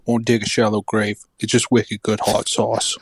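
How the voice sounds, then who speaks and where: A man doing a deadpan mock ad read for a talk show. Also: lowish voice, vocal fry, breathy edge, no echo. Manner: deadpan, slow. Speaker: caller.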